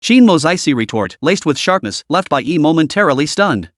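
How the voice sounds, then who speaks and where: Lively-voiced man narrating a story recap. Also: a little high, brisk, dry recording, clean studio sound.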